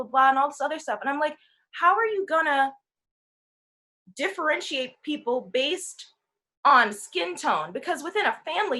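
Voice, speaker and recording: A woman in her twenties on a talk panel, telling a personal story in a casual way and acting out the voices of the people in it. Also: sits high. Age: 20s. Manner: animated, acts out quoted voices.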